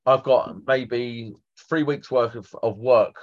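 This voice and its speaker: A man in his 40s, an electrician guest on a trade podcast, takes it slowly as he tells blunt, sweary stories in a medium-pitched voice. The conversation is casual, and the sound is dull lo-fi podcast audio.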